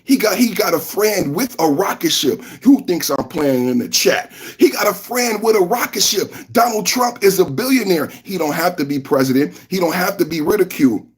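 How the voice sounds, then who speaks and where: Husky-voiced man hyping a livestream. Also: high-pitched, normal speed, hardly any pauses. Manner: animated, repetitive, shouts to chat. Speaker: podcast host. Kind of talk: livestream reaction commentary.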